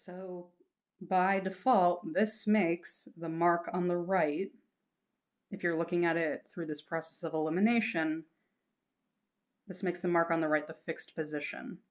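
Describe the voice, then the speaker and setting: A woman's voice: on the low side, steady tone, unhurried. A woman teaching a lesson patiently, explaining step by step and reassuring her students, breaking into short chanted examples.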